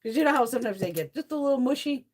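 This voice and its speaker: Lively swearing woman telling stories. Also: high-pitched, rapid-fire, husky. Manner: swears freely, laughs often, animated storytelling. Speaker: beauty vlogger. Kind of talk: casual chit-chat.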